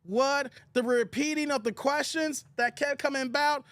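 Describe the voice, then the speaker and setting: High-voiced animated man hosting a stream. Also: normal speed, no echo. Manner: animated, exclamatory, talks straight to chat. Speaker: livestream reaction host. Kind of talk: casual reaction livestream chat.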